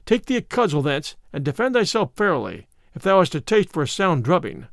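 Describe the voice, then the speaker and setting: A man's voice: a little high, sing-song, a little fast, gravelly, no echo, clean studio sound. A man voicing a bold, courteous male outlaw leader with archaic, mock-courtly speech. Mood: stern.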